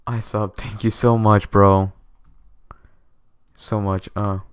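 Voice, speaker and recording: Excitable young man narrating a game. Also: on the low side, takes it slowly, smooth. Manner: excitable, stammering, repeatedly thanking viewers. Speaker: gaming streamer. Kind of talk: excited gameplay commentary.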